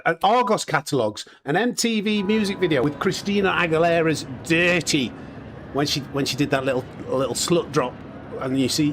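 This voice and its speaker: A man in his thirties hosts a live gaming stream, chatting casually with viewers in a cheeky, jokey way and laughing often. His voice is on the high side, with a noisy background.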